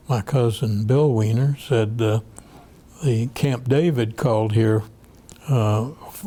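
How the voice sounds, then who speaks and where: An older man, a federal appeals judge, telling an oral history in a measured, halting way with frequent pauses. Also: on the low side, warm tone.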